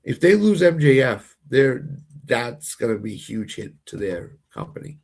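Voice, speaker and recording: Boston guy chatting sports, gravelly and a bit husky, keeps restarting his sentences. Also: medium pitch, very animated, moderate pace, darkish tone. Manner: opinionated, repeats and restarts phrases. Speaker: co-host. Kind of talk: casual sports watch-along chat.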